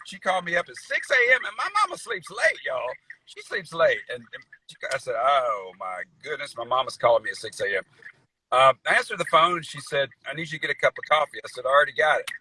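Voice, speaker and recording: Middle-aged man on a video call, folksy storyteller with a very bright, husky tone. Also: mid-range voice, poor audio. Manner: folksy storyteller, says y'all, many fillers. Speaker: guest country singer. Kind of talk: casual interview chat.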